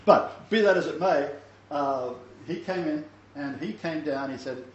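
Here an older man teaching Bible lessons to a Messianic study group spins chatty, meandering stories with plenty of fillers. His pitch is fairly high and his delivery a little slow. Recorded in an echoey, slightly dull room, the clip has faint ambience and slight background noise.

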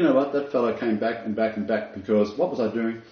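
A man's voice: medium pitch, lively intonation, fast, few pauses, mellow. A man preaching a sermon, telling stories dramatically and repeating phrases for emphasis. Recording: roomy, dull lo-fi sound.

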